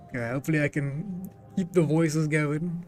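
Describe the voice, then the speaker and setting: Giggly man reading game text slowly. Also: on the high side, darkish tone. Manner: chatty and giggly, laughs often. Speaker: game streamer. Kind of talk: live game stream, reading game text aloud.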